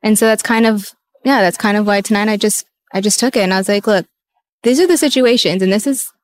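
A woman's voice: medium pitch, fast talker. A young woman, a former reality show contestant, chatting casually in an interview, filling her talk with "like" and acting out remembered conversations. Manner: chatty, many "like" fillers, retells scenes with quoted dialogue.

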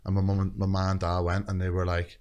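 A man's voice: deep voice, completely flat delivery, fast talker, darkish tone, lo-fi sound. A man chatting as a podcast guest, rambling, swearing freely and laughing often. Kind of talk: casual chat.

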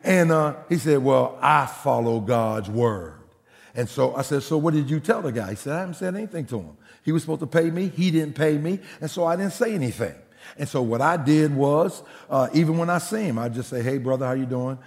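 A man preaching a sermon, telling a story with acted-out quotes and shouted punchlines. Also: a little high, animated, fairly quick, vocal fry, long reverb tail. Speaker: pastor.

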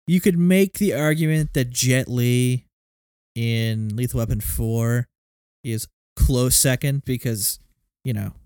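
A man's voice: mid-range voice, slow pace, darkish tone, clean tone, no room sound, studio quality. A man co-hosting a casual movie podcast, rambling and saying "like" a lot. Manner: rambling, heavy use of "like". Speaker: podcast co-host.

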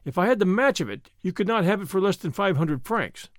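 Guy doing a sly giggly old shop merchant, strident, high and bouncy, dry close mic. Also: animated, a little fast, dry recording. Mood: haggling. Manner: giggling, muttering half to himself. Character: odd little old male curio merchant, giggling, sly. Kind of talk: audiobook character voice.

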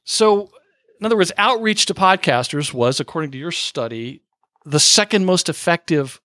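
A man hosting a podcast interview, animated and quick to laugh, with self-deprecating asides. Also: on the high side, dry recording, clean studio sound. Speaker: podcast host. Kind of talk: podcast interview, asking questions.

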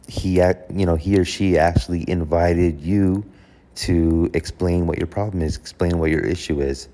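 Speaking to camera in a low-pitched, dark voice, a man hosts a casual talk on handling requests. He self-corrects along the way and plays out short example conversations in a conversational manner.

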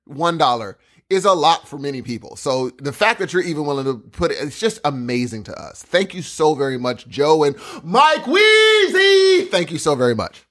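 A man co-hosting a podcast, chatting casually, excitable and stumbling over his words. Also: fairly high pitch, a little fast. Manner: excitable, stumbling restarts, says dude. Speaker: podcast co-host.

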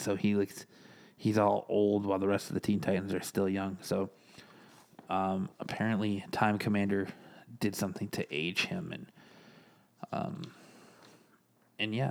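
Low gravelly man recapping comics. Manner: rambling, many fillers, retells lines in plain voice. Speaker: comic book reviewer. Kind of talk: casual recap and review.

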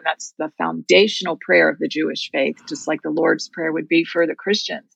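A woman's voice: fairly low pitch, fairly even intonation, a little fast, gravelly, hardly any pauses, slightly rough, dry recording, lo-fi sound. A woman guest in an interview telling a story in an earnest, heartfelt way.

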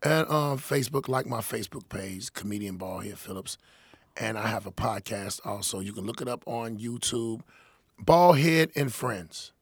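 A man, a comedian guest telling stories in loud, animated casual chat with swearing. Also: on the low side, moderate pace, husky, dry recording.

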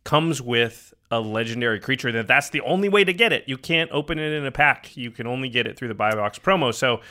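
Bright-voiced joking podcast co-host. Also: male voice, mid-range voice, expressive. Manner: jokey, quick bursts of talk. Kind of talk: casual chat. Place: studio or room with camera.

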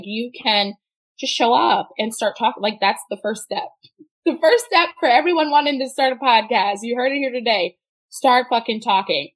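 A woman chatting as a podcast guest. She tells stories in a rambling, profane way and laughs a lot. Her voice sits a bit high. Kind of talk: casual podcast chat.

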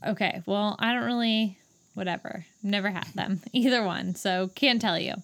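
A woman co-hosting a podcast, recapping a movie scene in a casual, incredulous, animated way. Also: mid-range voice, moderate pace, creaky. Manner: exasperated, incredulous, animated storytelling. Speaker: podcast co-host.

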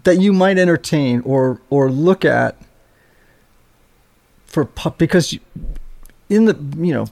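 Podcast host guy, gravelly and kinda high, thinks out loud, halting. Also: animated. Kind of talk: podcast interview.

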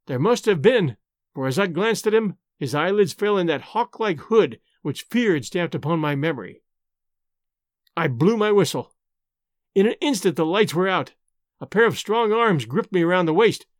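A man narrating an adventure story aloud with expressive, dramatic delivery and hosting the show. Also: high-pitched, no echo, studio quality. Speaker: audiobook narrator and host.

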